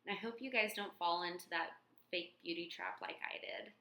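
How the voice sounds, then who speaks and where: Bright-voiced young woman vlogging, echoey room. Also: on the low side. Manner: halting, with many fillers and restarts. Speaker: beauty vlogger. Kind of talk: casual product comparison vlog.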